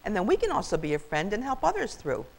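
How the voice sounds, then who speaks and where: An older woman reads a children's story aloud in a warm, expressive, grandmotherly manner. Her voice has a gravelly texture, and her pitch rises and falls in lively sweeps. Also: quick pace, poor audio.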